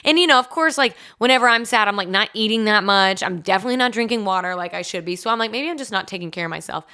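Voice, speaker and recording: A young woman hosts her podcast solo, telling stories in a chatty, confessional way with plenty of laughing asides. Her voice is bright and clear, at a middle pitch for a woman. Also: expressive, racing. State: congested. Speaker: podcast host. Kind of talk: casual solo podcast storytelling.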